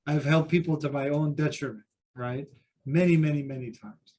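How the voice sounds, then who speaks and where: A man's voice: on the high side, steady tone, normal speed, darkish tone. A man who teaches Buddhism, sharing anecdotes with self-deprecating humor in a group discussion at a seminar.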